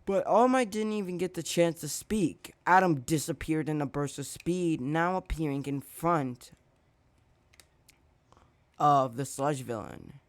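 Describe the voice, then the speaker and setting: A man's voice: fairly high pitch, a little slow, dry recording. A man hosting his channel and narrating a fan story casually, rambling with slips and self-corrections.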